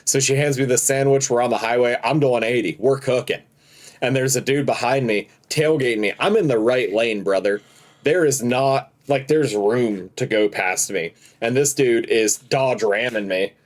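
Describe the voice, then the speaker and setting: A man's voice: medium pitch, normal speed. A man co-hosting a casual podcast, telling stories animatedly and laughing through them. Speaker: podcast co-host. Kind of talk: casual chat, storytelling.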